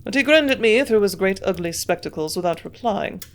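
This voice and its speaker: A woman reading a novel aloud as narrator, in a quiet, measured way. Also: medium pitch, lively intonation. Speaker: audiobook reader. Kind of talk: scripted narration.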